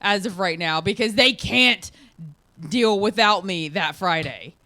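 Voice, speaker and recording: A woman's voice: medium pitch, lively intonation, measured pace, pushed and bright, no echo. Blunt, swearing young woman. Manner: blunt, swears freely, laughs often. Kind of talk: casual chat.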